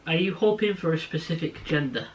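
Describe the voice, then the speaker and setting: A man's voice: on the high side, brisk, low-quality recording. A young man casually asking short, dry questions off to the side. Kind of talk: casual interviewing.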